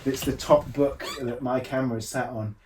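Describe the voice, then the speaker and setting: A man's voice: medium pitch, fairly even intonation, moderate pace, a little mellow, far from the mic, a little hiss or hum. A man from England, a games designer, chatting casually on a podcast, laughing often and restarting his sentences. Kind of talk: casual conversation. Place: home room, seen on camera.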